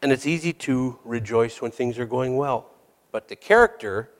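Candid man preaching in a reverberant hall. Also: on the low side. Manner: candid, storytelling, self-deprecating with small laughs. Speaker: hospice chaplain and preacher. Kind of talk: sermon.

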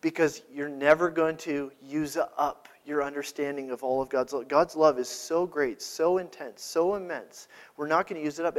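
A man preaching a sermon, asking rhetorical questions and building to emphatic peaks. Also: fairly high pitch. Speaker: pastor.

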